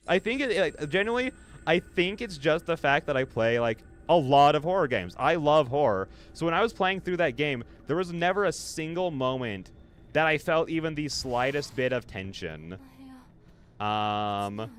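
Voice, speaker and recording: A man's voice: medium pitch, fairly bright tone, a little hiss or hum. A man streaming a horror game, chatting with his viewers and reading their messages aloud in a rambling, filler-heavy way. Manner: reads chat aloud and answers viewers. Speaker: livestreamer. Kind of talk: live horror game commentary.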